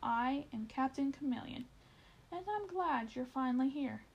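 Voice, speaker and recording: A woman's voice: high voice, animated, normal speed, creaky, darkish tone, husky, lo-fi sound, exaggerated voice. A woman voicing a tall, proud male chameleon ship captain in a storybook reading, speaking in a formal way.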